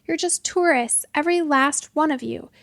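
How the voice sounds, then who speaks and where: A woman voicing a fiery, pointy-eared magical young woman who scolds and yells with a sharp tongue. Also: high-pitched, normal speed, dry recording, voice pushed up. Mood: heated.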